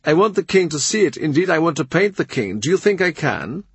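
A male reader plays an ambitious court painter in a raised, altered voice. He is keen and pushy about his hopes, and the sound stays husky and close. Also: fairly high pitch, very animated, fairly quick, no room sound, voice pushed up, heavily acted. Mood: eager.

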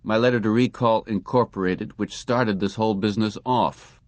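Male narrator as a sour, sardonic clerk man, lowish voice, dry close sound; audiobook. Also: fairly even intonation, normal speed, dry recording, close to an everyday voice. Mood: resentful. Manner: resentful, sardonic. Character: bitter, frustrated male office clerk.

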